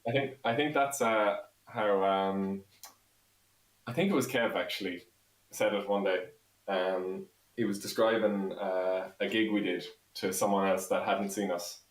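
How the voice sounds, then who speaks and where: An Irish man with a fairly low voice chats on a livestream and tells loose, rambling stories, laughing often. His voice rings in a room with a noticeable echo. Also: steady tone, a little slow, far from the mic. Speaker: folk band member, co-host. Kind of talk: casual chat on a livestream. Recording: roomy echo.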